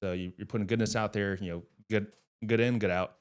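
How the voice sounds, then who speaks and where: Low-voiced earnest man, emphatic. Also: fairly even intonation, fairly quick, clear, resonant tone. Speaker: real estate investor guest. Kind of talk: casual interview talk.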